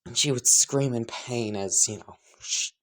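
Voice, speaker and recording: A man's voice: medium pitch, unhurried, fairly bright tone. A man telling an improvised fan story in a casual way, often chuckling and restarting his sentences. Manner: chuckling, casual, self-interrupting. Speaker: fan fiction narrator.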